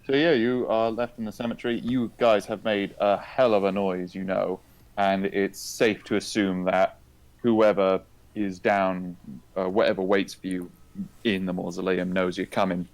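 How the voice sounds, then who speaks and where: A man serving as game master sets the scene in a low, relaxed voice. He narrates at an easy pace, with plenty of ums and uhs between phrases. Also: rough recording. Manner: unhurried, filler-heavy narration.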